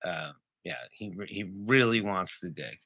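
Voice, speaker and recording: Low, bright-voiced joking male co-host. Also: animated, moderate pace, creaky, no echo, clean studio sound. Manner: profane, laughs often, jokey impressions. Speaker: podcast co-host. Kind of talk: crude comedic banter.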